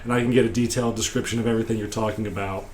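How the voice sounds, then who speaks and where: A man voicing a weary male guard captain while recapping a tabletop game, talking in a flat, offhand way. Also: fairly low pitch, racing, a little hiss or hum, voice pushed down, natural voice.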